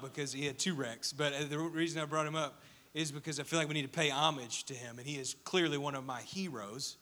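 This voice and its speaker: Young male pastor, lively storytelling sermon, high bright voice. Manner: animated, storytelling with audience questions.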